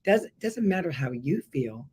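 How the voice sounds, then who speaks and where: A woman's voice: low voice, big pitch swings, a little slow, mellow, slightly rough. Earnest woman encouraging viewers in faith. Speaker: co-host of a Christian talk stream. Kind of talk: casual faith talk and encouragement.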